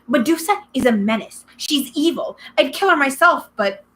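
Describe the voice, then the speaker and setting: A woman reading aloud and voicing a clever teenage girl who shouts warnings and urges action. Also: high-pitched, lively intonation, normal speed, voice pushed up, rough recording. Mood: urgent. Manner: urgent shouting. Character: bold, urgent teenage girl, clever demigod.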